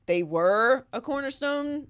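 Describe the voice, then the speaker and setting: A woman hosting a podcast, talking sports casually in an animated, opinionated way with quick asides. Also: high voice, smooth. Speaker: podcast host.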